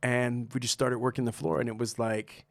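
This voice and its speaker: A man's voice: medium pitch, little pitch movement, moderate pace, vocal fry, no room sound, studio quality. A middle-aged man, a guest on a podcast, telling a story in casual talk, acting out the people he quotes and laughing often.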